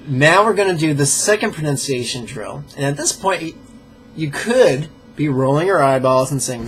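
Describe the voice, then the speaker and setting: A man leading a pronunciation drill as a meditation teacher, playful and joking, sounding out syllables slowly and carefully. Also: fairly high pitch, expressive, fairly bright tone, slight background noise. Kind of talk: pronunciation drill in a live lesson.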